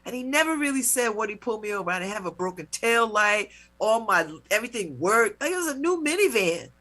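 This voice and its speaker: Animated bright-voiced woman telling a story. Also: mid-range voice, quick pace. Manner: animated, laughing, mock-indignant retellings. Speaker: radio talk show host. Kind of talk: casual storytelling.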